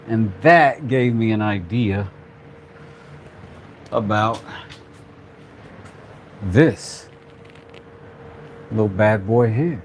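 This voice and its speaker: A man's voice: mid-range voice, takes it slowly, pauses often, a little mellow, a little hiss or hum. A man hosting a casual workshop vlog, rambling playfully with jokey asides as he works. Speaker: craft channel host, father.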